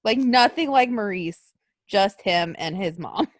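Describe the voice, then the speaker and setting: A woman co-hosts a podcast, casually chatting about wrestling in a loose, talkative way full of fillers like "like" and "um." Her medium-pitched voice has lively intonation and an unhurried pace, with no echo.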